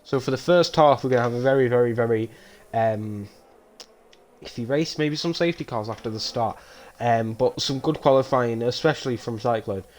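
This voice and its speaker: On a stream, a man commentates a sim racing league race live, using a mid-range voice at a normal speed. He rambles casually and pokes fun at himself, then gets loud and excited whenever incidents occur.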